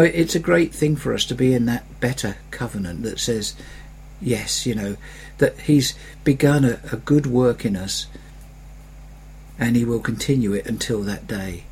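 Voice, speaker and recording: A man's voice: a little high, vocal fry, a little mellow, breathy edge. A man preaching a sermon as pastor, conversational, putting on mocking voices when quoting critics.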